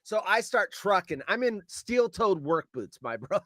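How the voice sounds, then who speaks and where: A man with a fairly high, swooping voice tells his story with lots of energy. He shouts his own quoted lines and swears as he acts them out. The sound is dry and close. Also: big pitch swings, a little slow, no echo. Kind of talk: animated storytelling.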